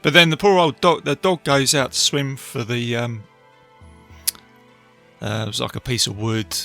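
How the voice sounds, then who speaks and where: A man hosting a podcast, casually retelling a film with animated asides to his listeners. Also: mid-range voice, normal speed, creaky, soft background music. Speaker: podcast host reviewing a film. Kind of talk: casual film review talk.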